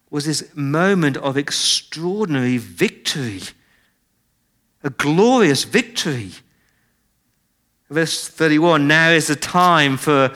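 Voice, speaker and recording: A man delivers a sermon to a church congregation in a fairly high voice. He is expressive and swings between loud and quiet. He stretches out key phrases for emphasis. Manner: expressive, dramatic shifts in pitch and loudness. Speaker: pastor.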